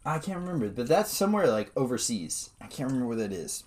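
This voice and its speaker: A man co-hosting a casual podcast, his voice swinging widely up and down as he talks. He is animated and quick to laugh. He keeps throwing in dude and man. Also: medium pitch. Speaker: podcast co-host. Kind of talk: casual chat.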